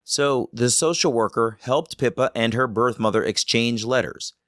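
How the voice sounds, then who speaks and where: A man's voice: medium pitch, normal speed, a bit bright, no room sound, clean studio sound. A man hosting a podcast, narrating the story and adding reflective comments. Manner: reflective, thoughtful. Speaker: podcast host.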